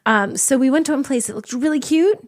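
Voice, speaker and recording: A woman with a slightly high voice, chatting on a podcast about a road trip. She tells stories with animated energy and laughs often between sentences. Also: brisk. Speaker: podcast host. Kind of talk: casual chat.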